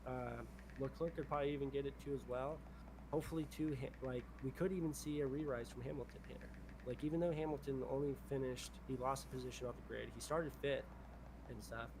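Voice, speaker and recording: A man's voice: mid-range voice, steady tone, fast, noisy background. A man streaming a game, chatting casually and rambling, leaning on "definitely" over and over. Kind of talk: casual chat while gaming.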